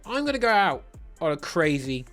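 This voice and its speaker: A man chats through a ranking of football kits in a loose, joking way, teasing himself as he goes. He trips over his words and starts over often, and his pitch swoops up and down. Music plays faintly behind him. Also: very animated, normal speed, a bit bright. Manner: playful, giddy, self-mocking; restarts and stutters often. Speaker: football kit reviewer. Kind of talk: casual ranking commentary.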